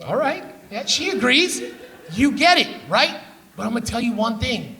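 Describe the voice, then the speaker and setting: A Canadian man doing stand-up on a theater stage, brash and profane, with lots of crowd teasing. His voice sits high for a man and has a gravelly edge. He is heard through a handheld stage mic. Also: sing-song, normal speed. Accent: Canadian English. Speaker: stand-up comedian. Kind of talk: live stand-up comedy. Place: live theater stage with audience.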